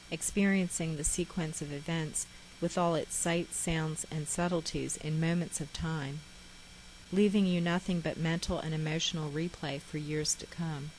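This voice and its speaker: A woman reading her own memoir aloud in a measured, reflective way. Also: low-pitched, fairly even intonation, darkish tone, slight background noise, rough recording. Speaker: memoir author.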